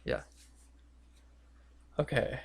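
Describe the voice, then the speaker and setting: A young man co-hosting a podcast, excitedly retelling a story in a rambling way, full of fillers and quoted voices. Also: extremely slow. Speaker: podcast co-host. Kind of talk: casual podcast chat.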